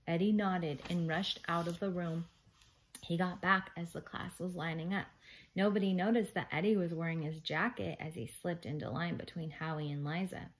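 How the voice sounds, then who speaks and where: A woman reads a children's chapter book aloud, narrating in an animated storytelling voice. Her voice sits on the lower side. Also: normal speed, slight background noise, low-quality recording. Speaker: reader.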